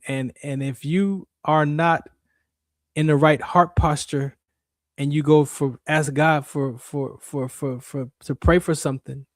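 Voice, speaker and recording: A man's voice: fairly high pitch, dry recording, studio quality. A man hosting a radio show, giving an emphatic, repetitive faith talk monologue in a preacher-like way.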